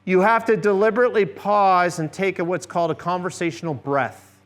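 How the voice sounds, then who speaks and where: High-voiced man leading a workshop. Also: fairly even intonation, brisk. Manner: conversational, asks the audience questions. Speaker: seminar presenter. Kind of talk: church workshop lecture.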